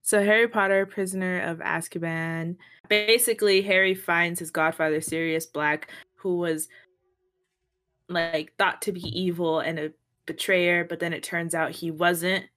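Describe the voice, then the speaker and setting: A woman co-hosting a podcast in a relaxed, rambling way, full of fillers. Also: on the low side, a little slow, no echo. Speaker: podcast co-host. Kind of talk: casual podcast chat.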